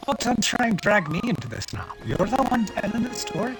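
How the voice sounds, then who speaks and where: Woman teasing dryly with a lively lilt. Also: mid-range voice, a little fast. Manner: dry teasing interjections. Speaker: player voicing a wood elf character. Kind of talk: in-character game role-play. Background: game music.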